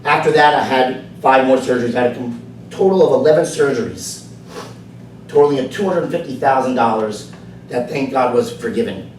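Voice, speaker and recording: A man giving a prepared personal speech at a club meeting, telling his story earnestly, going soft at times and then building to emphatic lines. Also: mid-range voice, fairly quick. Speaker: club speaker. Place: meeting room. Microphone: far camera. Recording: echoey room from far off, faint noise.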